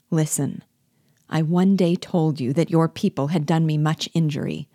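A woman reading aloud the lines of an earnest, proud man who pleads to be trusted, in a measured, grave way. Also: deep voice, warm tone, no room sound, studio quality.

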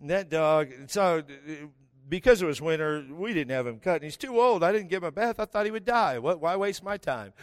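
Man, middle-aged, preacher, comic storytelling, slightly high voice, dry sound. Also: lively intonation, no echo. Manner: joking, self-deprecating, quick asides. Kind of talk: humorous sermon storytelling.

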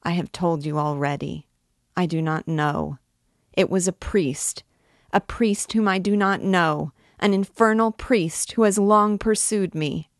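A woman's voice: fairly low pitch, steady tone, slow, dry recording, clean studio sound, pitched above the performer's own voice. A woman voicing a young gypsy girl on trial, anguished and breaking as she speaks. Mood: broken.

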